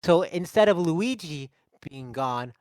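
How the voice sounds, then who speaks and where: A man's voice: fairly high pitch, slow, dry recording. A man co-hosting a podcast, riffing goofily in casual chat. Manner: goofy, riffing, animated. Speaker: podcast co-host.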